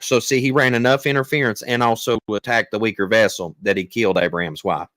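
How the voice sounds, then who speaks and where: Low-voiced man reading scripture, dry sound. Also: fairly even intonation, quick pace, a bit bright, no echo. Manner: plain conversational delivery with fillers and restarts between readings. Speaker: channel host teaching on scripture. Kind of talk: reading scripture aloud with casual commentary.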